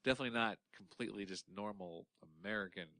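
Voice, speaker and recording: A man co-hosting a casual podcast, talking in a rambling, animated way with many restarts. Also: fairly low pitch, fast talker, no echo. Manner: animated, rambling, full of fillers. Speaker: podcast co-host. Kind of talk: casual chat.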